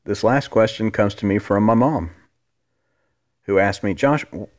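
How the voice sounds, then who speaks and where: Low-voiced man telling a rambling story. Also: unhurried, darkish tone. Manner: laid-back, rambling, profanity, jumps up high quoting others. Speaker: podcast host. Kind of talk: casual storytelling.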